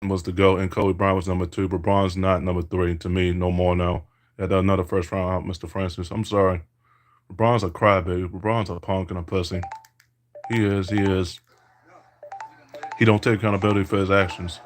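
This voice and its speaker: Guy with a lowish voice trash talking over a basketball game, doing fake announcer calls. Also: level tone, fairly quick. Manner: mock announcer calls mixed with taunts. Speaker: podcast host playing a basketball video game.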